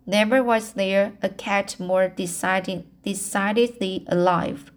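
A woman reading a novel aloud as an amateur, stumbling and restarting words often and raising her voice for characters' lines. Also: steady tone. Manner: halting, with frequent restarts and stumbles over words; lifts pitch and volume for characters' quoted lines. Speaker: audiobook reader.

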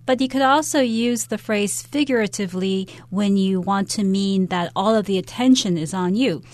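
A woman co-hosting an English lesson, explaining word meanings in a measured, careful way. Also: mid-range voice, no room sound. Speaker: English teacher on a radio lesson. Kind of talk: explaining vocabulary and dialogue.

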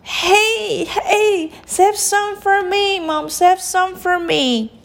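A woman's voice: very high voice, vocal fry, pitched above the performer's own voice, full character voice. A woman voicing a clingy, whiny little girl princess in a storybook reading, drawing out her wails. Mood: giggly. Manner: drawn-out wailing.

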